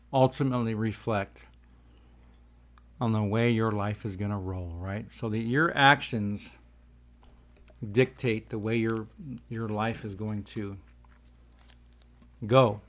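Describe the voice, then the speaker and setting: A man's voice: on the low side, takes it slowly, long pauses. A man hosting a casual talk show, rambling and folksy while talking around tobacco in his mouth. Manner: rambling, folksy, says "y'all". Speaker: host.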